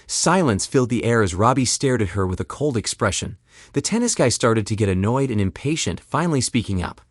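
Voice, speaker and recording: A man narrating a dramatic story in an expressive, scripted reading. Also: mid-range voice, brisk, no echo, clean studio sound.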